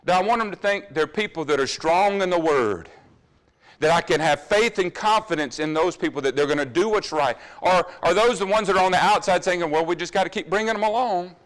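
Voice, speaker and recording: A man delivers a sermon in a church, pressing the congregation with earnest questions. His voice sits fairly high and swings widely in pitch as he preaches. He drops into quieter asides now and then. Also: expressive, a little fast. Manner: drops to quiet asides about running over time.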